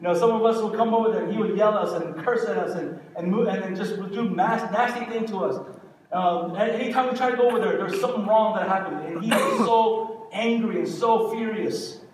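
A man preaches a sermon in a high, earnest voice, driving his points home with steady repetition. He is picked up from far off in a very echoey church hall, with a faint hiss underneath. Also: brisk. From Korea. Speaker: pastor. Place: church sanctuary.

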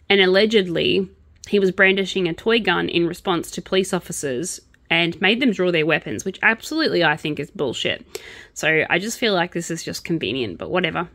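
A woman's voice: on the low side, fairly bright tone, no room sound, clean studio sound. A woman vlogger chatting casually and sarcastically about true crime while she crochets.

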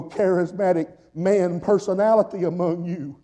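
Older guy preaching in church, highish mellow voice, big echoey hall, gets loud and fired up. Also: unhurried. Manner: fervent preaching that builds to shouts, calling the congregation to respond. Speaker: pastor. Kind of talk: sermon. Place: church sanctuary.

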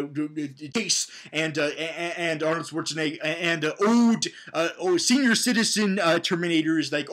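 A man's voice: a little high, fairly bright tone. A young man giving a casual, comedic movie recap, rambling with many fillers and stammered restarts.

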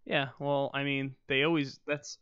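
A man's voice: mid-range voice, level tone, unhurried, fairly bright tone, smooth, dry recording. A man co-hosting a podcast, making dry, wry remarks in casual chat. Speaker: podcast co-host. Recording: dry, slightly muffled mic.

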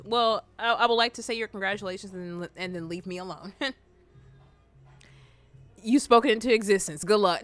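A young woman streaming, giving casual reaction commentary, laughing often, swearing and breaking into loud excited bursts. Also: mid-range voice, moderate pace, pauses often, no room sound, soft background music.

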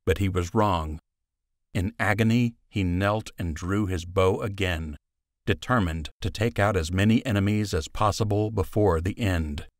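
A man narrating an audiobook in a steady, measured storytelling manner. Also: low-pitched, no echo, clean studio sound. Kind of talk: scripted narration.

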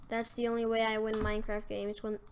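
A woman doing casual, self-mocking commentary over a game, excitable and prone to sudden gasps and yelps. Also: fairly high pitch, brisk, a little hiss or hum. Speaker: gaming commentator.

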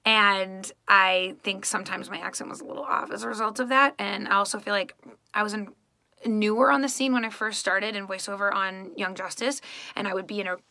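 Woman, actress, casual fan message, rambling and chatty, gravelly fry, dry close sound. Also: mid-range voice, fairly even intonation, fairly quick, bright, forceful tone, dry recording.

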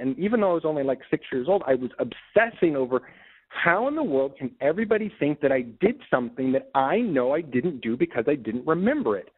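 A man telling a personal story as an interview guest, speaking haltingly with many fillers and restarts. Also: mid-range voice, very animated, husky. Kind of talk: casual storytelling. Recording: tinny phone-like call audio.

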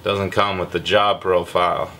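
A man hosting a comedic news vlog, sarcastic and irreverent, with a deliberately lazy, low delivery. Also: level tone, pushed and bright, a little hiss or hum. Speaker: vlog host.

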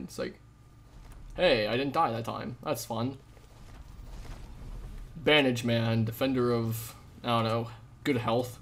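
Rambling young male game streamer. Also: medium pitch. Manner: jokey, rambling, sudden loud outbursts. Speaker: gaming streamer. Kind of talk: live gameplay commentary with chat.

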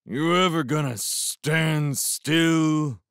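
A man reading aloud and voicing a huge, surly drunk who talks in slow, slurring, belligerent bursts. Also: fairly high pitch, a bit bright, clear, resonant tone, no echo, studio quality, voice pushed up, exaggerated voice.

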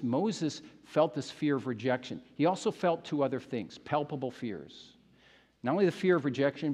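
A man's voice: mid-range voice, darkish tone, in a large hall. A male pastor preaching a sermon in an earnest, emphatic way, often repeating phrases for stress. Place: church sanctuary.

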